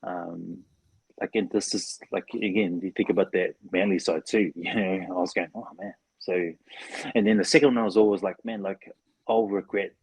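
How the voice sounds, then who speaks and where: Low husky-voiced man, relaxed rambling chat. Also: moderate pace, no room sound. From New Zealand. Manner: laid-back, rambling, full of "like" and "bro". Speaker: podcast guest, former rugby league player. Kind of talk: casual interview chat. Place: podcast studio.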